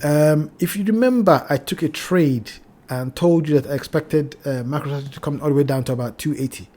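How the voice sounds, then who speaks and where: A man's voice: fairly high pitch, a little fast. Man warning viewers over trading charts. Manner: cautionary, repeats phrases, addresses "ladies and gentlemen". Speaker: crypto trading channel host. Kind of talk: chart analysis talk.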